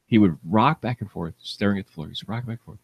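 A man's voice: lowish voice, fast, gravelly, slightly rough, dry recording, muffled recording. A man co-hosting a casual comedy chat, telling stories, laughing often and acting out the people he quotes. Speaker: podcast co-host.

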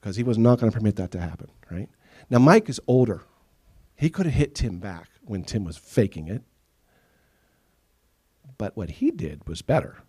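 Animated pastor preaching with folksy humor. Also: male voice, lowish voice, moderate pace, pauses often, slightly rough. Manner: animated storytelling, acts out quoted voices. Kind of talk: sermon. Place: church sanctuary.

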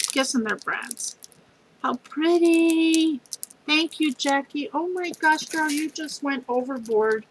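A woman's voice: a little high, slight background noise, rough recording. A middle-aged woman, gushing as she unboxes a craft gift package for her channel. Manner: gushing, effusive, says y'all.

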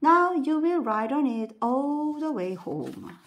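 A woman reading the part of a wise, gentle prince in a bedtime storybook. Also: high-pitched, takes it slowly, voice pushed up, exaggerated voice. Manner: calm, kindly explaining.

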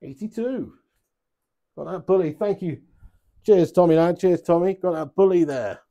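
A man with a high yet gravelly, dark voice speaks at a moderate pace while playing darts live from home, the recording's highs cut off. He reads viewer chat aloud, banters, swears freely and laughs a great deal.

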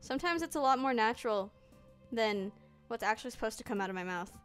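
A woman's voice: on the high side, lively intonation, fast, fairly bright tone, clear, resonant tone. A young woman streaming a game, chatting to herself playfully and slipping into mock old-fashioned phrases. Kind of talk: casual gameplay commentary. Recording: faint game music behind.

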